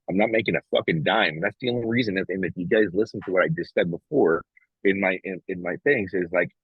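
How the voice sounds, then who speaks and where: A man's voice: sits low, breathy edge, no echo, highs cut off. A man co-hosting a casual podcast, speaking frankly and reflectively, swearing freely and often restarting his sentences. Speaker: podcast co-host.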